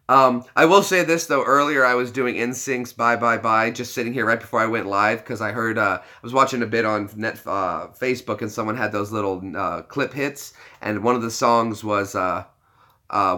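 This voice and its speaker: A man's voice: on the low side, sharp tone. A man chatting casually to viewers on a live stream, rambling through filler-heavy restarts and joking at his own expense with frequent laughs. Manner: joking, self-deprecating, laughs often.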